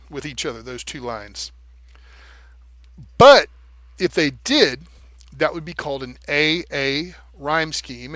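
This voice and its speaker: A man's voice: fairly high pitch, pushed and bright, no echo. A man talking casually and animatedly on a livestream, swearing freely and tapping out rhythms with nonsense syllables. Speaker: live streamer.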